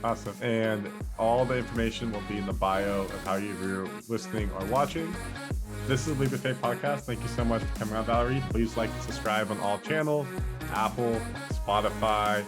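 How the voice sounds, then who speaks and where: A man's voice: fairly low pitch, moderate pace, over music. A man hosting a podcast interview, casual and enthusiastic, telling anecdotes. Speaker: podcast host.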